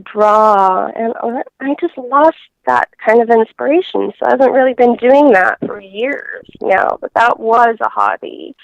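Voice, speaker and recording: A woman guest talks slowly in a casual interview, stopping and restarting often. Her voice sits a little high and comes through a dull, dry phone line. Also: creaky, no room sound. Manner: halting, many fillers and restarts.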